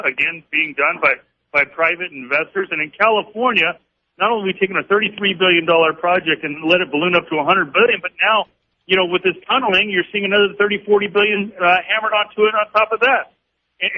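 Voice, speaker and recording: A man who is a congressman, answering a radio host firmly with practiced talking points and frequent pauses, heard over dull lo-fi broadcast audio. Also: high voice. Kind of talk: political radio interview answers.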